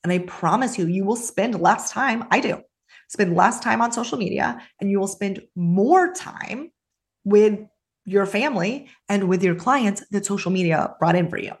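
Upbeat woman chatting on her podcast, normal pitch, talks fast then slow. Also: lively intonation. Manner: upbeat, chatty, with quick asides. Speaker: podcast host and social media coach. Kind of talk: casual solo podcast talk.

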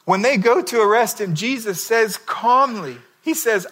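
A man's voice: high-pitched, measured pace, sharp tone. A man preaching a sermon, telling a story and reading scripture in a conversational, emphatic way. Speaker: pastor.

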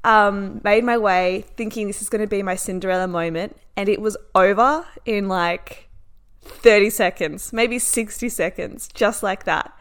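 A young woman from Australia recounts a personal story to her viewers in a relaxed vlog. Her voice sits at an ordinary pitch, and she animates the tale by acting out other people's lines as she goes. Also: unhurried. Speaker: vlogger. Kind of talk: casual storytelling.

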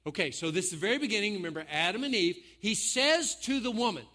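A man's voice: high-pitched, expressive, fast, bright, forceful tone. A man preaching a sermon in a folksy, joking way, speaking to his congregation. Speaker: pastor.

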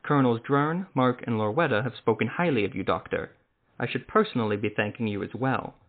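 A man's voice: mid-range voice, a little fast, natural voice. A man voicing a cheerful middle-aged military marshal in a read-aloud story, hearty and formal, with tinny phone-like sound.

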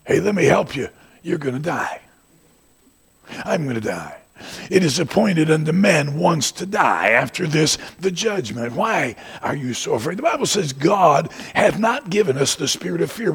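An older preacher delivers a sermon in a gravelly, very husky voice. He builds to loud shouted peaks, then sinks back into low asides. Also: very animated, moderate pace. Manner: rising to shouts, then dropping to quiet asides.

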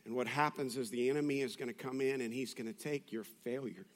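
A male pastor preaching a sermon in a conversational way, moving from hushed, intimate passages to loud, urgent appeals. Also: mid-range voice, steady tone, brisk. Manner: conversational, with restarts and asides.

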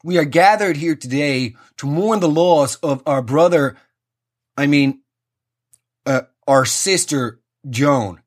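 A man putting on a pompous male priest who speaks in a booming mid-Atlantic drawl, like a stadium announcer. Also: takes it slowly. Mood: solemn. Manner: overblown stadium-announcer delivery.

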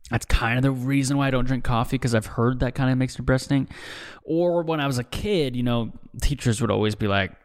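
A young man rambles through a loose solo podcast monologue in an ordinary mid-pitched voice. He swears often and drops "dude" and "bro" into nearly every thought, drifting from one gripe to the next. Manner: profane, rambling, says "dude" a lot. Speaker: podcast host. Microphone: desk mic, seen drinking on video.

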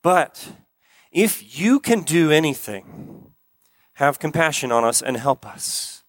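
A man's voice: on the high side, very animated, slow pace, no room sound, heavily acted. A man voicing a desperate father who pleads for his son to be healed, in a pulpit reading. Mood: pleading. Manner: earnest, pleading, reading aloud.

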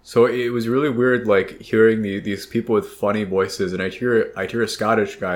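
A man's voice: on the low side, steady tone, moderate pace. A young American man co-hosting a casual podcast, rambling and joking, often acting out quotes. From United States. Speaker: podcast co-host. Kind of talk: casual chat.

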